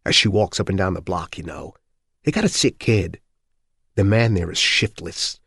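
A man reading an audiobook voices a grudging, insinuating neighbor on a tenement hall phone with a raised, shrill tone. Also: normal speed, gravelly, fairly bright tone, breathy edge, studio quality, full character voice.

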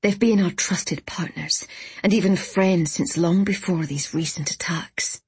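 A steady, low-voiced woman ally, as a female narrator plays her, earnest and composed. The voice sits fairly low and is breathy, close and dry, with no room around it. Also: measured pace, no echo. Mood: confiding. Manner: calm, confiding, low voice.

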